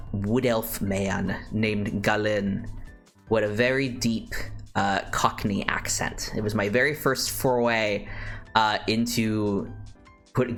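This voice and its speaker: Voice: mid-range voice, a bit bright. A streamer chatting casually about games and music, rambling, often restarting sentences. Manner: rambling, with frequent restarts and side comments. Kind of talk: casual chat.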